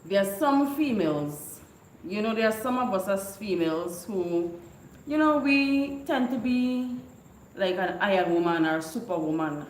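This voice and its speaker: Casting: woman vlogger, animated storyteller, laughs a lot, roomy echo. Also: medium pitch, unhurried, a little hiss or hum. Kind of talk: casual storytelling chat. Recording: echoey room.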